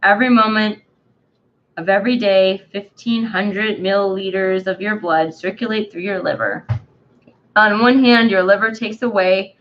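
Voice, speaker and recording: A woman hosting a live book club, reading aloud haltingly, stumbling over long words with many ums and uhs. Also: medium pitch, dull audio.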